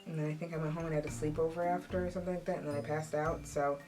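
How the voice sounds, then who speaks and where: Lively young woman telling a story. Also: low voice, racing, soft background music. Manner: animated, acts out quoted voices. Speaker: vlogger. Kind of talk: casual storytime.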